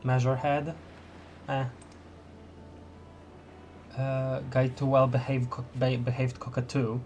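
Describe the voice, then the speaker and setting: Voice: mid-range voice, level tone, slow pace, darkish tone, highs cut off, a little hiss or hum. A streamer casually commenting while playing a game, chatty and laughing often. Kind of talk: casual let's-play commentary.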